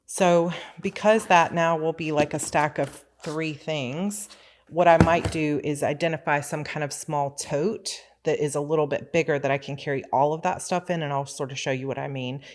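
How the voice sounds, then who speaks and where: Give me a woman casually walking through her planner supplies in a relaxed, rambling way, with faint background noise. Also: sits low, normal speed. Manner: relaxed, rambling, with small laughs and asides. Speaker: author and planner vlogger. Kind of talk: casual chatty show-and-tell.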